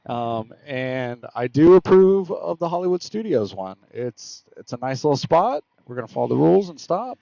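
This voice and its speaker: A man's voice: on the high side, big pitch swings, moderate pace, gravelly, hardly any pauses, mellow, no echo, lo-fi sound. Rambling man narrating a ride. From United States. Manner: rambling, chatty, self-correcting with fillers. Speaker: motorcycle vlogger. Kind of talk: casual narration while riding. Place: on a motorcycle on open roads.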